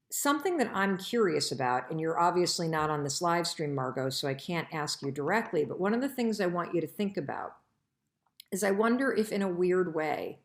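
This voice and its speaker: A woman's voice: on the low side, gravelly. Earnest woman host, live-stream advice. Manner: earnest, emphatic, addresses listeners directly. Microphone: live-stream broadcast mic. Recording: echoey room.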